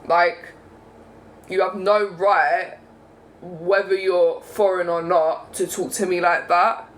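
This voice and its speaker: A man's voice: sits high, level tone, slow, a bit bright, low-quality recording. A young man from England talking to camera in a casual, indignant rant, often tagging lines with "yeah?" and "right?". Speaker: vlogger.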